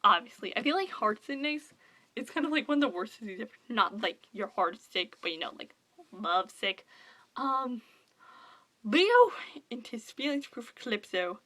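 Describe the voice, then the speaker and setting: A young woman book vlogger with a high voice gushes through a casual book review, talking at a moderate pace. She's excitable and rambling, packing her speech with fillers.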